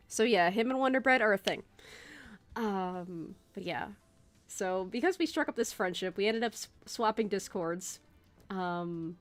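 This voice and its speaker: A woman's voice: a little high, fairly bright tone. A woman streamer chatting casually and rambling, laughing often, with faint game music playing behind. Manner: rambling, giggly, many fillers. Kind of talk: casual livestream chat. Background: faint background game music.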